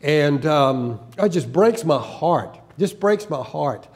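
Halting, earnest Southern-born preacher man. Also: a little high, expressive, vocal fry, a little mellow. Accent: faded Southern US. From American South. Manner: halting, many restarts and repeated words; earnest, with occasional laughter. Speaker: pastor. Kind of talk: sermon.

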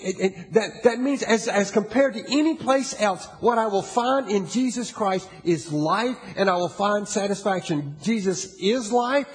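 A man preaching a sermon in a conversational way, asking the congregation questions and sometimes dropping to a quiet, intimate tone. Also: sits high. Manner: drops to a quiet, intimate tone in places. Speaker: pastor. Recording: reverberant hall.

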